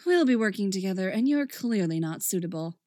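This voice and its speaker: A woman's voice: medium pitch, expressive, a little fast, dark tone, no room sound, clean studio sound, close to an everyday voice. A woman reading a story aloud, voicing a haughty, vain female pig diva with a snooty, dismissive manner. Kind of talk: audiobook-style story reading.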